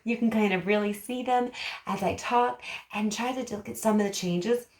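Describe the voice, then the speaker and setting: A woman speech therapist explaining to parents in an animated, demonstrative way, acting out emotions as she teaches. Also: medium pitch, normal speed. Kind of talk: parent education vlog. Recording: roomy echo.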